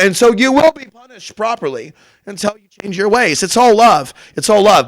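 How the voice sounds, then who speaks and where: Brash, high-voiced man on a rambling rant. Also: sing-song, brisk, fairly bright tone. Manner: brash, profane, jumps between topics. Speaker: host. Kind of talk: rambling casual monologue.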